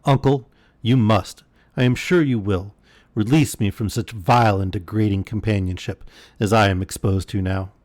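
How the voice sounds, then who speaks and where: A man's voice: fairly low pitch, fairly even intonation, normal speed, darkish tone, no echo, lightly acted. A man reading aloud and voicing a proud young woman in distress, earnest and pleading.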